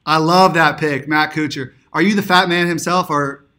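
A man's voice: fairly high pitch, steady tone, moderate pace, sharp tone. A man putting on a fake Southern drawl. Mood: wheedling. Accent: put-on Southern US. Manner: chummy, rambling, wheedling. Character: man faking a Southern drawl on a prank call. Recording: phone call played on a podcast.

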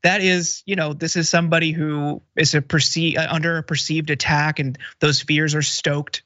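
A man's voice: on the high side, flat delivery, normal speed, sharp tone, no room sound. A man co-hosting a political commentary show, conversational with frequent fillers. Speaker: co-host. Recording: dry, dull, lo-fi sound.

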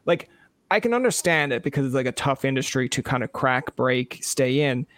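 A man's voice: mid-range voice, expressive, normal speed, fairly bright tone, dry recording. A man interviewing a guest, asking long, rambling questions full of "like" and "kind of". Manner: rambling questions, heavy use of "like". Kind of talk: casual interview chat.

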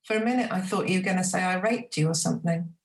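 A woman's voice: on the low side, fast talker, reverberant, distant mic, lightly acted. A woman reading as an unsettling teasing young man. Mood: menacing tease.

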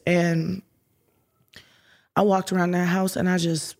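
Woman telling a raw, halting story. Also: fairly low pitch, level tone, gravelly, a little mellow. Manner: halting, searching, with restarts and dropped whispers. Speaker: interview guest, musician. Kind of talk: candid emotional storytelling.

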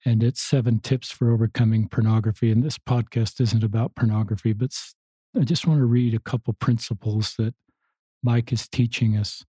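A man's voice: mid-range voice, steady tone, moderate pace, warm tone, husky, no room sound. A man hosting a podcast, speaking thoughtfully and affirming his guest in casual interview talk. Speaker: podcast host.

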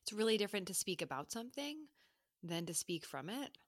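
A woman co-hosting a podcast, gentle and affirming, openly emotional with her guest. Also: medium pitch, sing-song, brisk, no echo, studio quality. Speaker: podcast co-host. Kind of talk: candid podcast conversation.

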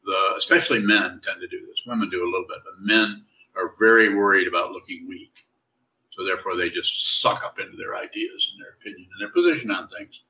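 Low-voiced man teaching from a distance. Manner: relaxed, conversational, wry and teasing. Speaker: meditation teacher. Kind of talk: spiritual Q&A teaching.

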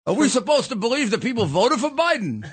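A man's voice: very high voice, sing-song, a little fast, slightly rough, dry recording. A man hosting a political talk show, talking bluntly and rambling, with frequent restarts. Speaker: podcast host.

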